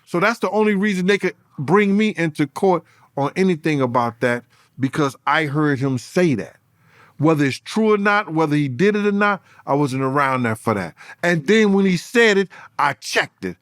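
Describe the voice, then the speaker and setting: A man, a former bodyguard, telling stories in an interview with animated, profane speech that swings between loud and low. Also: normal speed, no echo, studio quality. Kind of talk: storytelling in an interview.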